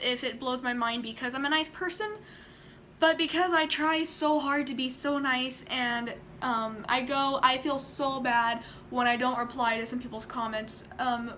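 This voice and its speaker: A young woman telling a story in a casual vlog, chatty and animated, acting out quotes and laughing often. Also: sits high, slight background noise. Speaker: vlogger.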